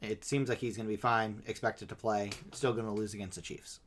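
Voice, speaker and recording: A man's voice: on the low side, fairly even intonation, brisk. A man in casual sports chat, analysing players and stats with hesitant fillers. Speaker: podcast co-host.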